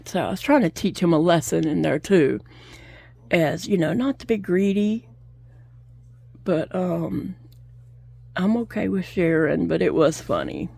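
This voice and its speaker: A woman's voice: lowish voice, expressive, a little slow, creaky, pauses often, darkish tone, slightly rough, no echo. A middle-aged woman, chatting casually and telling stories, laughing often as she crochets at home. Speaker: crochet vlogger. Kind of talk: casual chat while crocheting.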